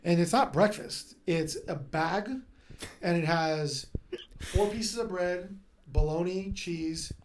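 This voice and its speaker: A man from Fresno telling animated stories in casual podcast chat, swearing freely. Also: sits high, slow, a little hiss or hum. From Fresno, California. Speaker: guest storyteller.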